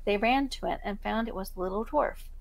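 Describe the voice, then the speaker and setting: A woman podcast host reading a fairytale aloud in a steady storybook manner. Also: mid-range voice, fairly quick, gravelly, no room sound, rough recording. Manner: steady storybook narration with self-corrections.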